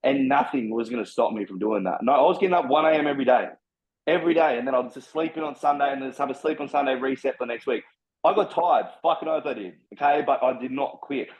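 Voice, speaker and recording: A young Australian man talking fast and bluntly, swearing freely as he tells his story in a relaxed chat. His voice sits at an average pitch, and the recording sounds a little dull and lo-fi. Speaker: personal trainer guest. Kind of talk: casual podcast storytelling.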